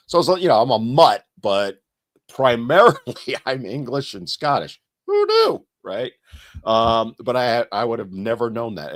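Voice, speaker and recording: Live-stream host, man, 60s, lowish voice, loose and chatty with asides. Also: fairly bright tone. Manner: casual, chatty, lots of fillers and asides. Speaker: channel host and activist. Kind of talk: live-stream Q&A, reading viewer comments. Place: home studio. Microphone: streaming setup.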